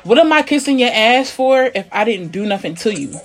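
A woman in casual chat, talking bluntly and emphatically, often swearing, sometimes dropping to a low, quiet tone. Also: expressive, fairly quick, faint music behind. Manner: blunt, profane, emphatic venting; drops to a low, quiet tone to make a point. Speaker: conversation partner.

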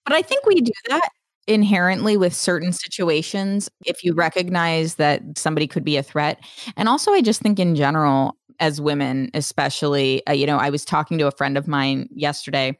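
A woman hosting a podcast in casual chat, candid and quick to laugh, swearing freely. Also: deep voice, no echo, studio quality. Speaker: podcast host.

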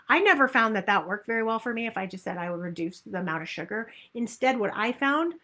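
A woman giving a motivational talk as a weight-loss coach, upbeat and animated, acting out people's inner voices. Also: fairly high pitch, fast, few pauses, slight background noise.

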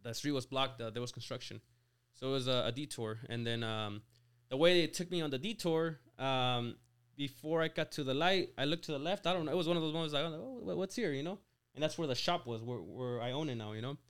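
In a casual podcast chat, a twenty-something auto shop owner from Mexico tells his story, restarting words and saying "like" and "you know" a lot. His mid-range voice is brisk and clean-toned.

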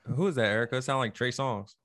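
A man on a podcast telling a story in a lively way, acting out the voices of the people in it. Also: medium pitch, fast talker, a little hiss or hum. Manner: animated storyteller, acts out quoted voices. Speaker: podcast co-host. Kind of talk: casual storytelling chat.

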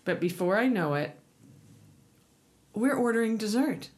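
A woman in her forties telling a lively story in casual chat, her pitch jumping up for emphasis. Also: measured pace.

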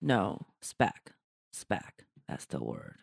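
A woman's voice: extremely low pitch, huge pitch swings, extremely slow, gravelly, slightly rough, no echo, clean studio sound. A woman comedian co-hosting a casual podcast chat, talking earnestly with frequent restarts. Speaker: stand-up comedian and co-host.

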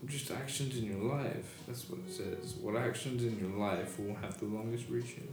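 Host: British man, chatty storyteller, fairly low voice, echoey room with music behind. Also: moderate pace. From Britain. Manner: lively, storytelling, asks questions. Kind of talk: casual chat.

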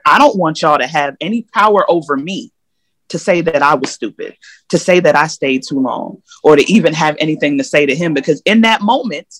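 A woman's voice: deep voice, lively intonation, fairly quick, husky, no room sound. A woman guest in a casual interview, telling her own story in a candid, emphatic way. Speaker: podcast guest.

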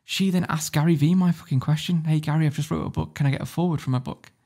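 This guest entrepreneur spins a laid-back tale on a podcast, swearing without restraint, speaking bluntly, and laughing as he talks. His pitch is on the high side with fairly even intonation, a quick pace, vocal fry, and a mellow quality.

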